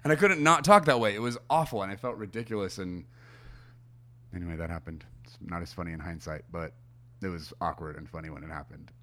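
Low-ish guy hosting a podcast, casual, rambly, talking to his listeners. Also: quick pace, sharp tone. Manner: chatty and meandering, talking to listeners. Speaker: podcast host.

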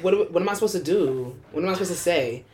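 A woman's voice: on the low side, expressive, fast talker, darkish tone. A young adult woman co-hosting a podcast in casual chat, blunt and opinionated and swearing freely. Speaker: podcast co-host.

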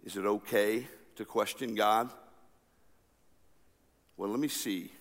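A man's voice: on the low side, slow pace. Preaching man in a big echoing hall. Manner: dramatic swings between shouting and quiet asides. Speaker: pastor. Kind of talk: sermon. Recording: long reverb of a large hall.

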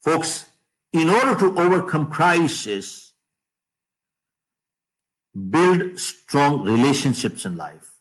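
A man giving a motivational talk to an audience, emphatic, repeating key phrases and dropping his voice low on punchlines. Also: big pitch swings, slow pace, pauses often, rough recording. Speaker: motivational speaker.

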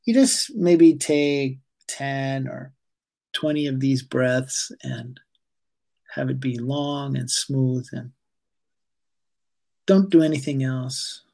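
Being interviewed, this yoga teacher talks listeners through a breathing exercise, his delivery calm but hesitant and packed with filler words. He has a gravelly, medium-pitched voice.

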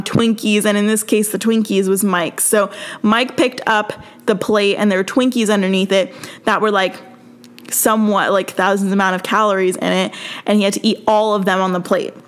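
Young woman rambling casually through a recap, tons of likes and ums, mid-pitched voice. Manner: chatty, filler-heavy storytelling with frequent "like" and "um". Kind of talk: casual chat recapping a TV episode.

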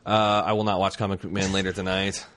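Podcast dude rambling on, low-ish voice, lots of restarts and cussing. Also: male voice, little pitch movement, fast, fairly bright tone. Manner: rambling, loose and profane, with many restarts and fillers. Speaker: podcast co-host. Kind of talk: casual chat.

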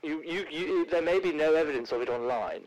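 A man's voice: on the high side, brisk, a little mellow, lightly acted, poor audio. A man doing a comic impression of a posh, theatrical older English actress who keeps calling people darling. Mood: grandly plummy. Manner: plummy, affected, calls people darling. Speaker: celebrity caller in a comedy bit.

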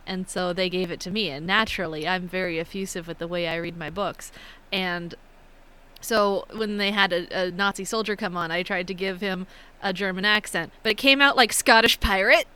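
A young woman chats casually and tells stories with lively animation. Her voice is bright and smooth, with a crisp, clean tone. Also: on the low side, normal speed. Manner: chatty storyteller, animated. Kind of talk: casual chat.

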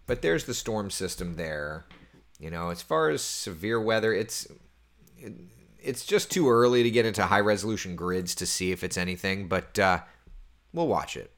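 A man's voice: fairly low pitch, moderate pace. A man in his thirties hosting a casual morning chat, reading viewer comments and talking about his week, who laughs easily and sometimes drops to a near-whisper. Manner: chatty and animated, laughs often, drops to a hushed near-whisper at times. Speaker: host.

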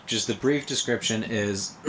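A man's voice: mid-range voice, huge pitch swings, takes it slowly, a little mellow, slight background noise. A young man in casual conversation, rambling with lots of fillers and frequent laughs. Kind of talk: casual podcast chat about movies.

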